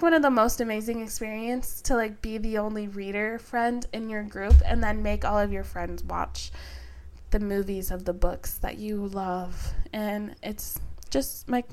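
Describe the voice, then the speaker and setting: A young woman vlogger chatting loosely about books, rambling with lots of fillers and asides. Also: on the high side. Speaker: book vlogger. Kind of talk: casual book tag chat.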